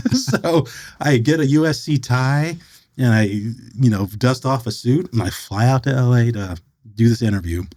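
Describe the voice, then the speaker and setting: Speaking a little slowly at medium pitch with no echo, a middle-aged man from the United States guests on a podcast. He narrates a personal anecdote with animation, voicing the quoted lines of its characters.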